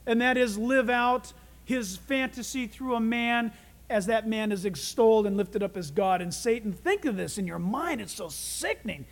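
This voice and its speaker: High-voiced man preaching dramatically. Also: moderate pace. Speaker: pastor. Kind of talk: sermon.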